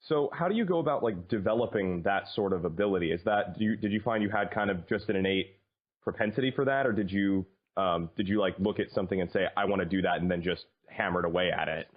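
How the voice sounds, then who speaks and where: A man's voice: low voice, quick pace, lo-fi sound. A man who wants to become a voice actor, asking earnest interview questions.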